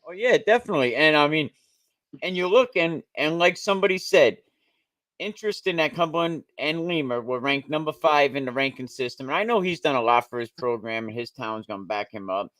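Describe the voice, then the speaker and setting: A man's voice: fairly high pitch, expressive, a little fast, a bit bright, dry recording. A man hosting a casual sports talk over a call, speaking bluntly and repeating himself as he argues. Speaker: show host.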